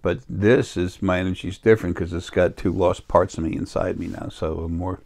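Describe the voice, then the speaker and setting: Man, fairly low voice, meandering casual monologue, self-interrupting, laptop recording. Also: fairly even intonation, moderate pace, a little mellow. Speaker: self-styled spiritual healer. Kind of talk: rambling monologue to camera. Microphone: laptop or phone recording.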